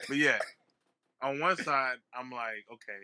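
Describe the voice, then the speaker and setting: A man's voice: medium pitch, noisy background. A man on a voice call who speaks hesitantly, restarting his sentences. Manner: hesitant, halting. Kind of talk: casual group chat on a voice call.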